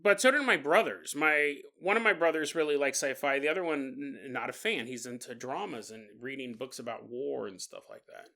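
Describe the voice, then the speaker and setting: Bright-voiced male podcast host. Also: mid-range voice, brisk, gravelly, hardly any pauses. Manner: playful, laughs often, goofs around. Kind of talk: casual monologue.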